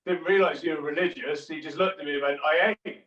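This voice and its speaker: A man's voice: on the high side, fairly even intonation, fast, fairly bright tone, lo-fi sound. Jokey man on a distant, roomy mic. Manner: chatty, jokey, matey storytelling. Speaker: guest, former cricketer. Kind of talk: casual anecdote telling.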